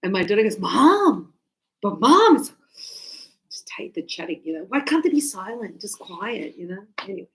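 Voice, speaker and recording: A woman teaching a class, chatty and animated, acting out birds and her students as she explains. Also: medium pitch, a little fast, low-quality recording. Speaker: English teacher.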